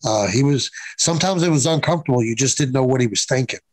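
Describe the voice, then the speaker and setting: A man's voice: mid-range voice, fast talker, dry recording, rough recording. A man in his fifties, a guest in a casual interview, telling stories bluntly with profanity and acting out quoted dialogue. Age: 50s. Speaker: guest, former pro wrestler.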